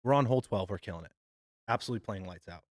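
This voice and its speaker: A man's voice: fairly low pitch, very fast, dry recording, studio quality. A young man on a podcast, casually telling a story with lots of swearing, "dude" and "like.". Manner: animated, swearing, frequent "dude" and "like". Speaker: podcast co-host.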